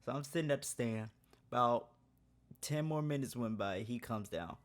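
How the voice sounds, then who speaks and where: A man's voice: mid-range voice, moderate pace. A man telling a work story in a casual, slangy way, laughing often.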